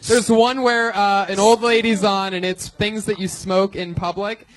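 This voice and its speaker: High-voiced animated comedy host. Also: male voice, a little slow, no room sound, poor audio. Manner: animated, laughing storyteller. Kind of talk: live comedy panel banter. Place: live comedy club stage.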